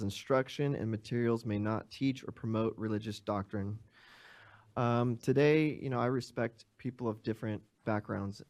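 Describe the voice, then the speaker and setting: A man's voice: on the low side, darkish tone. A man giving a hesitant public comment as a father, with many fillers.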